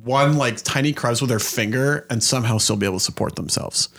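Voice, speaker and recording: A man's voice: medium pitch, quick pace, vocal fry, fairly bright tone. A man in his twenties chatting on a podcast, rambling with lots of fillers. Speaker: podcast co-host. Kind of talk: casual chat.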